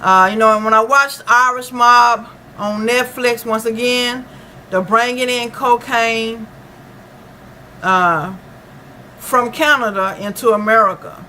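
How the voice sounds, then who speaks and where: A woman giving an unscripted true-crime monologue from her notes, halting and full of "uh" and "you know" fillers. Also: a little high, fairly even intonation, sharp tone, a little hiss or hum, poor audio. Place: lives in Dallas.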